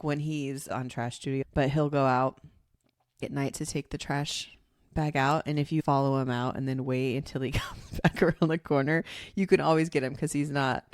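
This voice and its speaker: A woman's voice: very deep voice, steady tone, normal speed, no room sound, clean studio sound. A mother in her thirties co-hosting a casual podcast, chatty and laughing often as she tells family stories. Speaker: podcast co-host. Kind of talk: casual chat.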